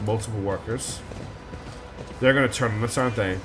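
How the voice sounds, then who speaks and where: A man's voice: on the low side, a little fast, over music. A man streaming a game, chatting casually, thinking aloud and reading out game text. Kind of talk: casual gameplay commentary.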